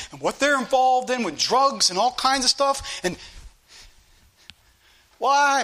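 A man's voice: very high voice, sharp tone. A middle-aged man preaching a fervent sermon in a church, his delivery rising and falling with passion.

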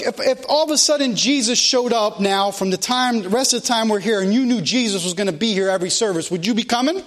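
A middle-aged male pastor preaching a sermon in church, emphatic and repetitive, slowing and rising at his climaxes. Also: sits high, a bit bright. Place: church sanctuary.

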